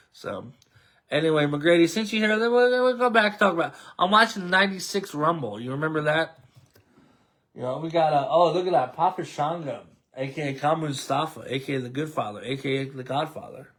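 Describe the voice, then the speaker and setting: An American man with a fairly high, fairly bright voice hosts a casual sports chat as a podcast host, rambling and addressing his co-host with many fillers.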